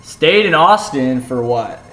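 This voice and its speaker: A woman's voice: very deep voice, lively intonation, takes it slowly, low-quality recording. A young woman vlogging at home, chatting casually and playfully teasing as she prompts her partner to tell a story. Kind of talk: casual chat.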